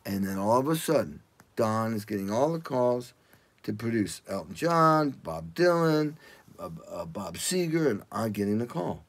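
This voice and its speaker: An older man, a drummer, telling animated stories in a casual interview and acting out what people said. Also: moderate pace, no echo. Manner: animated, acts out quotes in loud high voices.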